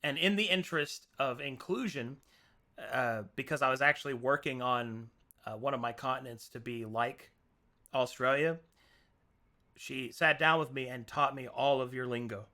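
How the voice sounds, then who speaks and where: Bright-voiced laughing game master. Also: male voice, mid-range voice, moderate pace. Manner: laughs a lot, relaxed and joking. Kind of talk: casual tabletop session chat.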